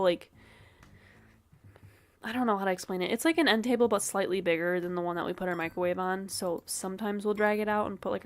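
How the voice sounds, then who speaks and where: Chatty young woman streamer rambling. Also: medium pitch. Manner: wry, with frequent soft laughs and muttered asides. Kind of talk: casual gameplay commentary.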